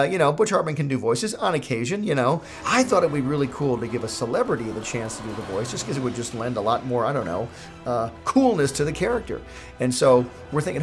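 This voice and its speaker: A middle-aged man, a cartoon creator, telling a comic story in a playful, jokey way. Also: mid-range voice.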